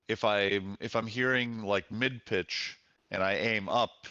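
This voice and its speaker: A man playing a game without sight, asking halting questions and restarting his sentences as he learns it. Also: fairly low pitch, steady tone, pushed and bright, no echo, lo-fi sound. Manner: hesitant, halting, asks questions, restarts often. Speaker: blind guest player. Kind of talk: casual game stream chat. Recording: faint background hum.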